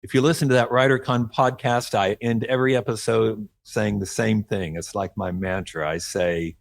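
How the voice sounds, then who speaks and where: A man's voice: on the low side, steady tone, normal speed, gravelly, hardly any pauses, no room sound. A man from Oklahoma, an author talking as a guest in a radio interview, earnest and encouraging, with frequent light laughs. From Oklahoma, USA.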